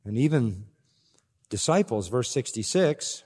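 A male pastor preaching with emphatic force, jumping from loud exclamations to hushed asides. His voice sits at an ordinary middle pitch. A long hall reverb trails after each phrase. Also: very animated, measured pace, breathy edge. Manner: emphatic preaching with sudden loud rises and quiet drops. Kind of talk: sermon.

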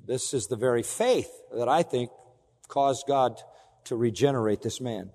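Emphatic male preacher in a reverberant hall. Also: a little slow. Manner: emphatic preaching with big swings in pitch and loudness; rhetorical questions to the congregation. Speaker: pastor. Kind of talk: expository sermon.

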